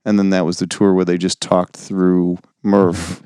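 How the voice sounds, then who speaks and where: A man's voice: low-pitched, flat delivery, unhurried, mellow, smooth, no room sound, clean studio sound. A man co-hosting a casual podcast, telling a long rambling story full of "like" and hedges. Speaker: podcast co-host. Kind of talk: casual chat about music and film.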